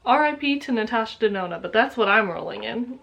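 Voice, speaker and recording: A young woman co-hosting a makeup vlog, low-key and laughing along. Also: lively intonation, brisk, gravelly, a bit bright, slight background noise. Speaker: beauty vlogger co-host. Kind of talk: casual makeup chat.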